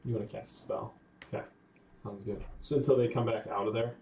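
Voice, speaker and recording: A man running a tabletop game as game master, narrating in a relaxed, chatty way. His voice sounds set back from the mic in an echoey room. A faint hum of noise runs beneath. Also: on the low side, fairly quick. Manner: relaxed, conversational narration with fillers. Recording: roomy, distant mic, faint background noise.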